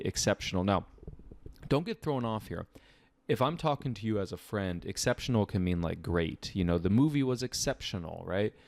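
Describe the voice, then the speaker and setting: A man with a somewhat low voice talks through vocabulary questions like a relaxed tutor. He is chatty and full of fillers, and the sound is dry and close, with no room echo. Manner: relaxed, conversational, frequent fillers and asides. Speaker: test-prep tutor. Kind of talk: casual explanatory lesson.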